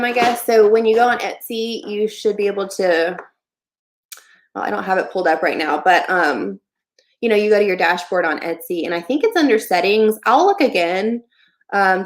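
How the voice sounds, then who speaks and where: A young woman hosts a casual livestream Q&A. She talks in a friendly, loose way at a medium pitch, and her sentences are full of "um" and "like". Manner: chatty, friendly, many fillers like "um" and "like". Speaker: livestream host giving online shop advice.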